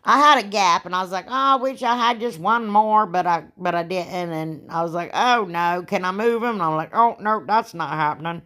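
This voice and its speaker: A woman, hosting a casual craft tutorial, chatty and rambling, with a sore throat that makes her clear it often. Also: lowish voice, normal speed, hardly any pauses, sharp tone. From Ohio, United States. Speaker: DIY crafts channel host.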